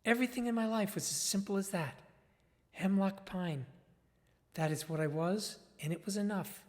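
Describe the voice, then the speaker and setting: A man's voice: high voice, moderate pace, darkish tone, close to an everyday voice. A man playing an eager, awestruck male nature filmmaker narrating with enthusiasm, recorded with long reverb. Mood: zealous. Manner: enthusiastic, wide-eyed. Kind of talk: dramatized monologue.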